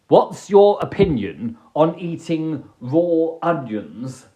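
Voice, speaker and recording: A man's voice: on the high side, roomy sound. A British man hosting a live stream from home, chatting playfully and hamming it up with silly voices and singsong asides. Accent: British English. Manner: hammy, singsong, drifts into silly voices and humming. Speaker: live-stream host answering viewer prompts. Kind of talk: playful, theatrical chat. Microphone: phone.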